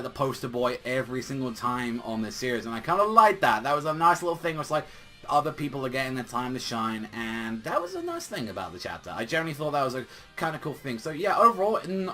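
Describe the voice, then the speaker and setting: A man casually reviewing a manga chapter in a rambling, excited way, filling his talk with "like" and acting out scenes. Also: mid-range voice. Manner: rambling, heavy use of "like", animated retellings.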